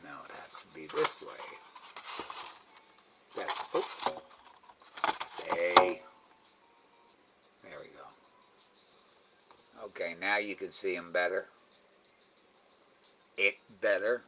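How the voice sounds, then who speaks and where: A man's voice: low-pitched, steady tone, takes it slowly, long pauses, lo-fi sound, very noisy. A man hosting a live animal camera stream from indoors at night by a window. He coaxes an animal in a raised sing-song voice and mutters to himself between calls. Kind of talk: casual live-stream commentary.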